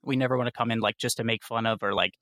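A man's voice: mid-range voice, fairly even intonation, rapid-fire, bright, forceful tone, no room sound, studio quality. A man co-hosting a movie podcast, telling stories in casual chat with a laugh in his voice. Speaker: podcast co-host.

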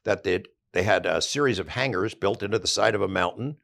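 A man's voice: fairly low pitch, a little fast, gravelly, fairly bright tone. An older man, an investigative journalist, recounting past events conversationally in a podcast interview.

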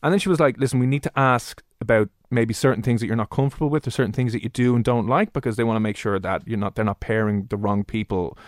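Irish male radio co-host, quick, chatty storyteller, dry close mic. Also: no room sound. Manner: animated storyteller, jumps high to act out quotes. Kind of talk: casual chat.

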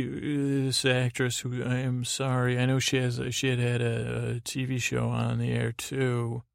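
A man's voice: medium pitch, creaky, dry recording, clean studio sound. A man hosting a bedtime podcast, rambling through a meandering recap full of fillers and digressions. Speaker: podcast host.

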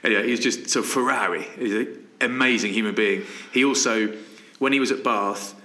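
A man in his thirties chats on a podcast, spinning anecdotes and slipping into his friends' voices. His voice is bright and fairly low. The room around him sounds echoey. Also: normal speed. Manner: storytelling, laughs often, acts out quoted friends. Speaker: podcast co-host. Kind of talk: casual chat.

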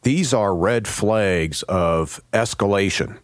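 A man's voice: lowish voice, takes it slowly, no room sound, studio quality. A man co-hosting a podcast, explaining case behaviors in an analytical way. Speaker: podcast co-host, investigator. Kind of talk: podcast discussion.

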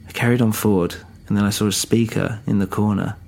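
Gravelly low-voiced male narrator. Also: steady tone, fast, darkish tone. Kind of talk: first-person story narration.

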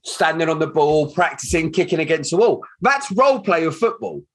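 A man's voice: fairly high pitch, fairly quick. A man hosting a podcast, chatting casually and acting out the people in his stories. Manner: animated storyteller, acts out quoted dialogue. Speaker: podcast host.

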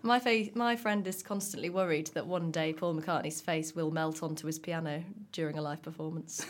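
A woman co-hosting a podcast in casual chat, chatty and quick to laugh. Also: sits low, fairly even intonation. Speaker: podcast co-host.

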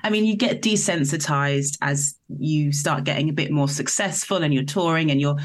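An English woman from the countryside, a musician, tells a story as a guest in a casual interview. Her voice is deep and her pace normal, and she rambles and laughs along the way.

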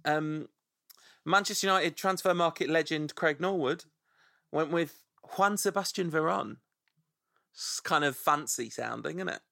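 A man's voice: fairly high pitch, measured pace, vocal fry, sharp tone, dry recording, studio quality. A man hosting a podcast in casual chat, playfully savoring the sound of names as he reads out suggestions. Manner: playful, relishes saying names aloud. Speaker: podcast host.

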